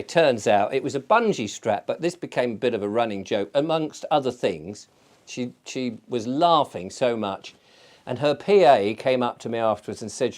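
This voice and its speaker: Male host, relaxed and digressive, chats like he's spinning yarns to friends. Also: medium pitch, normal speed. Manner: digressive storyteller, chatty with many fillers. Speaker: channel host. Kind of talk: casual rambling vlog chat.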